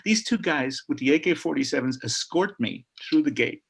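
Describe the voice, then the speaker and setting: An older man from Chicago, a historian guest on a video call, telling a story in a lively way and acting out the people he quotes. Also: a little high, normal speed, creaky, breathy edge. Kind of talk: animated storytelling.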